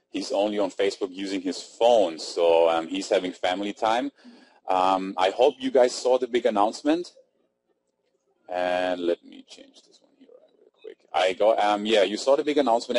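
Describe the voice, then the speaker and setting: A man's voice: lowish voice, a little mellow, poor audio. German-accented man hosting a webinar. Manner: upbeat, chatty, reads out chat names. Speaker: webinar host. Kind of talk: casual webinar talk. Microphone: computer mic on webinar.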